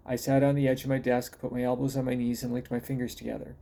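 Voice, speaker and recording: Gravelly-voiced man reading a story. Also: medium pitch, little pitch movement, quick pace, few pauses, dark tone. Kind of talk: reading a detective story aloud.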